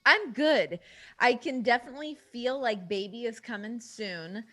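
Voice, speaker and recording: A woman's voice: on the high side, normal speed, pushed and bright. A woman guest in a casual chat, talking in a chatty, easygoing way.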